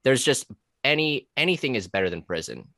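A man's voice: medium pitch, sing-song, a little fast, creaky, bright, forceful tone, no room sound, studio quality. A man talking casually on a podcast about his time as a corrections officer. He rambles with many fillers, restarts and curse words.

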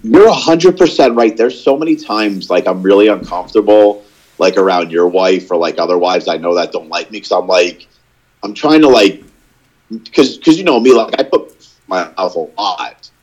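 A man's voice: low voice, expressive, normal speed, darkish tone, slightly rough, low-quality recording. A young man co-hosting a casual podcast, telling stories in a rambling way with lots of filler words. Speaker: podcast co-host. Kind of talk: casual chat.

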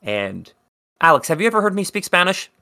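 A man's voice: sits high, sing-song, brisk, pushed and bright. A man from South Jersey co-hosting a podcast, telling a long rambling story in casual chat and swearing freely. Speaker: podcast co-host.

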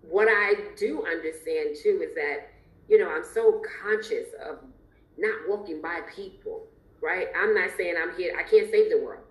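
A woman's voice: on the low side, moderate pace. A woman hosting a podcast interview, talking expressively and emphatically and laughing often. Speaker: podcast host. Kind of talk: casual interview chat. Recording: roomy echo.

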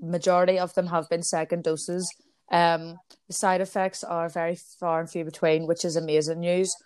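Sweary Northern Irish woman, low voice. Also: normal speed, clean tone, no room sound. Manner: blunt, sweary, animated storytelling. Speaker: podcast co-host. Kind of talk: casual chat.

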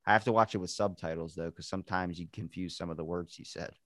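Lowish voice, american guy hosting his podcast, cursing casually, dry close sound. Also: steady tone, fast talker, a bit bright, dry recording. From United States. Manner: swearing, self-deprecating. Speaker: podcast host. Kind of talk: casual chat.

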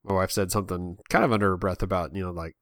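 Rambling, dry-sounding dad chatting. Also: male voice, low voice, fairly even intonation, fast, dry recording. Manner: rambling with many restarts and self-mocking asides. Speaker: podcast co-host. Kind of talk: casual chat.

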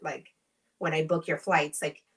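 A woman's voice: sits low, measured pace, recorded from a distance. A woman co-hosting a podcast, chatting casually and telling stories with acted-out quotes and frequent swearing. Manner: animated storytelling, acts out quoted voices, swears freely. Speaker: podcast co-host. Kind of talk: casual chat.

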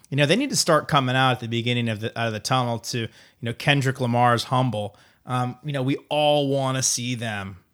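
A man's voice: medium pitch, fairly bright tone. A man co-hosting a casual sports podcast, joking and rambling with lots of fillers. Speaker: podcast co-host.

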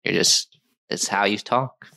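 A man's voice: on the low side, unhurried, vocal fry, sharp tone, dry recording. A man hosting a casual conversation, chatty and full of "like" fillers.

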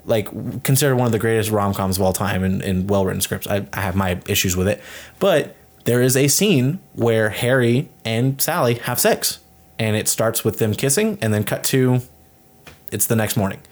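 A man's voice: fairly low pitch, lively intonation, moderate pace. A young man co-hosting a casual film podcast, emphatic and full of fillers. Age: young adult. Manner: profane, emphatic, filler-heavy. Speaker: podcast co-host. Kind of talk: casual chat.

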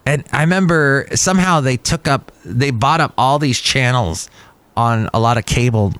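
A man hosting a podcast, musing over the news in casual chat with lively asides. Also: mid-range voice, unhurried, no echo. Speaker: podcast host.

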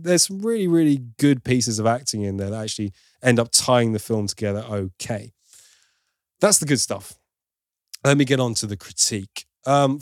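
A man's voice: medium pitch, no echo, studio quality. A man giving an opinionated, casual film review as host, now and then mimicking for laughs. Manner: opinionated, playful mimicry of accents.

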